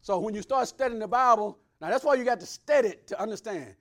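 High-voiced preacher, loud then hushed. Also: male voice, quick pace. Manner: swings between loud preaching and hushed asides. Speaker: pastor. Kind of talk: sermon.

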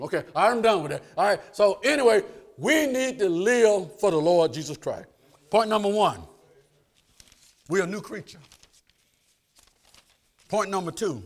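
An older man preaching a sermon, calling out to the congregation and rising to shouts. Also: high-pitched, big pitch swings, measured pace, long pauses.

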